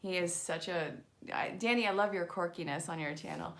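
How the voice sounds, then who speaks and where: A woman chatting excitedly on a live stream as an angel card reader, talking to her viewers and laughing often. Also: on the low side, fairly quick. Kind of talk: casual live-stream chat.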